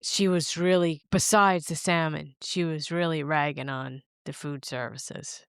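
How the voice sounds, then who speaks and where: A woman's voice: sits low, steady tone, a little slow, fairly bright tone, smooth, no room sound, clean studio sound. A woman co-hosting a casual podcast chat, sick and congested, chatty and rambling with filler words. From New Jersey. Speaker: co-host.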